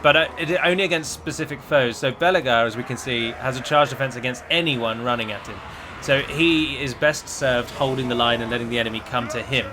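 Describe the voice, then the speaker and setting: A man's voice: mid-range voice, a little fast, noisy background. A man commenting on his own strategy game, chatty and wry, asking his units what they are doing. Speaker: gameplay commentator.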